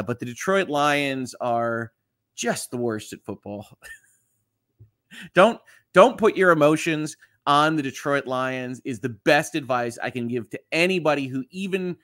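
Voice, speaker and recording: A man's voice: on the high side, animated, unhurried, a bit bright, dry recording, studio quality. A man who is a lawyer, hosting a casual live stream and reading viewer comments aloud in a chatty way, with lots of fillers. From Southeast Michigan.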